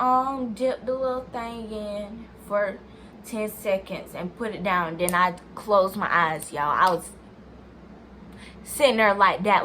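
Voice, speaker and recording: There's a little hiss or hum behind this mid-range, somewhat bright female voice. A young vlogger, she tells a personal story in a loose, chatty way, talking directly to "y'all," restarting sentences and leaning heavily on "like."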